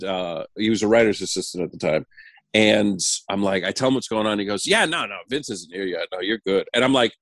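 A man guest telling a story with lots of laughter, animated and lively. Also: mid-range voice, no echo. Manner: laughing, lively anecdote teller. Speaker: podcast guest.

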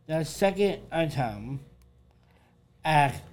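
A man co-hosts a casual chat with his father, speaking slowly in a somewhat high voice. He talks in a hesitant, halting way, restarting short phrases and answering with short replies. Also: lively intonation. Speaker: co-host.

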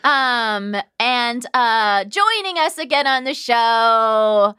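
A woman hosting a comedy podcast in casual chat, animated, laughing often and swearing freely. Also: fairly high pitch, takes it slowly, clear, resonant tone, dry recording, studio quality. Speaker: podcast host.

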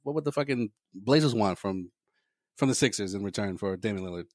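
Man, fast casual sports banter, crude, laughing, dry close sound. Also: lowish voice, lively intonation, dry recording. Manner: crude, laughing, does mock voices. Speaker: podcast co-host.

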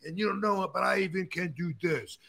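Man acting out a boastful pro wrestler promo, loud and forceful, raised pitch, emphatic. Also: quick pace, creaky, exaggerated voice.

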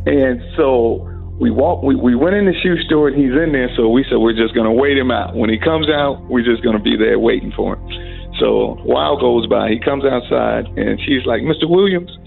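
Gravelly man telling stories on a phone line. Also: medium pitch, moderate pace, soft background music. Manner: animated storyteller who acts out the voices of people he quotes. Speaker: singer, interview guest. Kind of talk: casual storytelling. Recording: narrow phone-like sound.

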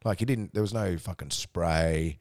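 A man's voice: low voice, normal speed, a little mellow. A young Australian man telling a rambling, sweary story on a casual podcast, laughing as he goes. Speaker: podcast co-host.

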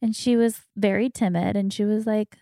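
A woman's voice: medium pitch, fairly even intonation, moderate pace, warm tone, no room sound, studio quality. A woman in her thirties hosting a podcast, telling her own story in a candid, reflective casual chat. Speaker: podcast host.

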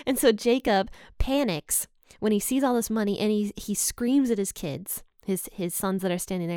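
A woman teaching a Bible study, retelling the story in a casual, lively way and acting out the characters' panic, often amused. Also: medium pitch, moderate pace, smooth, no echo, clean studio sound.

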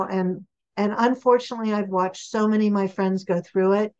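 A woman author and relationship expert, giving a guest interview on a podcast in an emphatic, animated storytelling manner. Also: mid-range voice, normal speed, lo-fi sound.

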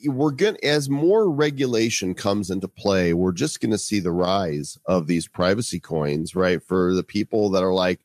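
Male host, lowish voice, dry close mic, emphatic news chat. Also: moderate pace, few pauses, darkish tone, no echo. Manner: emphatic, indignant remarks. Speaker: podcast host. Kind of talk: casual chat, reading news stories.

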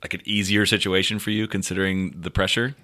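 Very deep-voiced male podcast host. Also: little pitch movement, fast, pushed and bright. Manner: conversational, asks follow-up questions. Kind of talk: casual interview.

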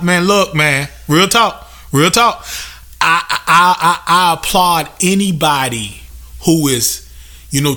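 A young podcast host with a high, bright voice launches into a comedic venting rant. He curses freely, hits his points hard, and slips into impressions of customers.

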